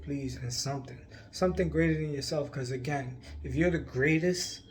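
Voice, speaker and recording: A faith vlogger speaks earnestly to his viewers, offering casual spiritual encouragement to camera, pleading, repeating himself and laughing often. His voice is a little high and a little mellow, with slight background noise.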